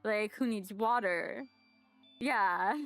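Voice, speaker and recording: Excitable woman streaming a game. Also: medium pitch, takes it slowly, soft background music. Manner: excitable, swears casually. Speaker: let's play streamer. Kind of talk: game playthrough, reading aloud and commenting.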